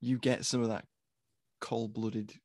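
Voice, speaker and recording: A man's voice: on the low side, little pitch movement, measured pace, a little mellow, no echo, clean studio sound. A man co-hosting a podcast, who picks apart a film's plot in a wry, critical way and swears casually. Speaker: podcast co-host. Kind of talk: casual film review chat.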